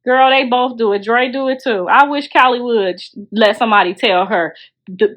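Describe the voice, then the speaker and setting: A woman's voice: a little high, normal speed, fairly bright tone. A middle-aged woman ranting bluntly and profanely on a phone livestream. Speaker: livestream host.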